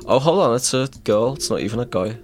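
A man's voice: mid-range voice, lively intonation, fast talker, noisy background. A man co-hosting a podcast, laid-back and easygoing, swearing casually while reviewing demos. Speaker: podcast co-host.

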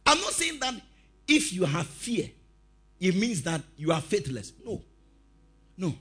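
A male preacher giving a lively sermon, telling stories, shouting out quotes and laughing as he goes. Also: high-pitched, a little slow, breathy edge.

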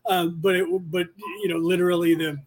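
A man's voice: high voice, little pitch movement, brisk. A man in his forties from California, hosting a podcast in a rambling, casual livestream chat, often restarting and correcting himself mid-sentence. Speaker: podcast host.

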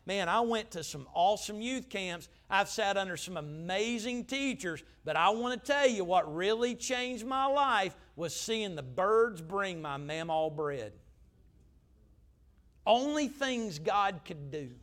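A pastor tells stories from the pulpit. He has a high voice for a man and preaches emphatically, dropping to a hush and then rising again. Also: lively intonation, a little slow. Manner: emphatic, conversational preaching with swings in volume. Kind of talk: storytelling sermon.

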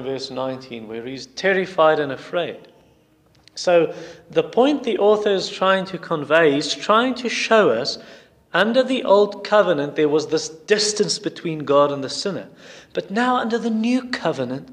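A male preacher delivering a sermon and retelling a story in an emphatic way. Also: high-pitched. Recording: long hall reverb.

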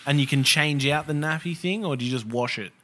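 A man in casual banter, chiming in with quick jokes and crude puns. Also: fairly high pitch, a bit bright, slight background noise. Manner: quick jokey interjections, laughs often.

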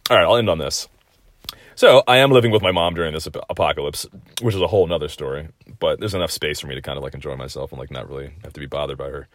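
A man's voice: very deep voice, rapid-fire, no echo. A man in his thirties hosting a casual comedic monologue at home, rambling and profane, with wild swings in delivery. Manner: profane, rambling, wildly animated. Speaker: podcast host.

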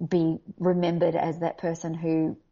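An Australian actress speaking candidly and animatedly in a casual interview, often laughing. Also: female voice, sits low, monotone, unhurried, warm tone. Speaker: voice actor guest. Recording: dull lo-fi audio.

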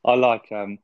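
A man's voice: mid-range voice, no room sound, phone-quality sound. A man chatting casually on a podcast, easygoing, laughing and swearing freely. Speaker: podcast co-host. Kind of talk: casual chat.

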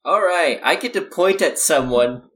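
A man playing a tabletop game, speaking in a hesitant, halting way. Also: on the high side, lively intonation, a bit bright. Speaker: player. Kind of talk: casual tabletop game chat.

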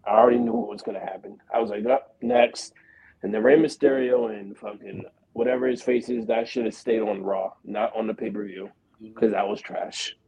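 A man co-hosting a podcast, giving blunt, animated opinions in casual chat. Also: medium pitch, brisk, creaky, slight background noise, low-quality recording. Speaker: podcast co-host.

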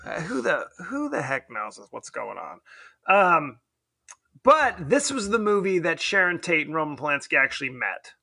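Guy cohosting a movie podcast, kinda high voice, dry close sound, laughs a lot. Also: big pitch swings, creaky, sharp tone, husky, dry recording. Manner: rambling, joking, quick to laugh. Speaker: podcast co-host. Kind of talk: casual movie chat.

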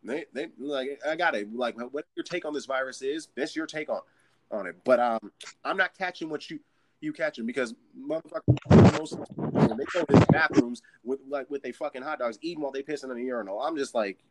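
A man's voice: mid-range voice, fast, no echo. A man who works in a store, telling a long, profane, ranting story about crowds and customers in a casual chat. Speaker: retail store worker. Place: San Jose.

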